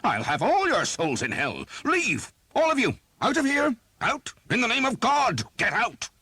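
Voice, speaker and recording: A man voicing a small, hot-tempered priest who shouts commands in an audiobook. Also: extremely high pitch, huge pitch swings, unhurried, breathy edge, no room sound, pitched above the performer's own voice, exaggerated voice. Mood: furious. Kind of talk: audiobook character voice.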